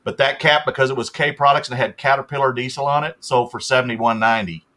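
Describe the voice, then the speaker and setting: Bright-voiced older man chatting. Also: medium pitch, steady tone, fast talker. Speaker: guest reseller. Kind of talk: casual livestream chat.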